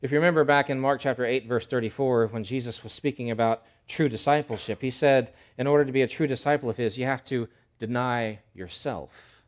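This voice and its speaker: A male pastor preaching a sermon in an animated, conversational way, with emphatic repetition. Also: mid-range voice, brisk, few pauses.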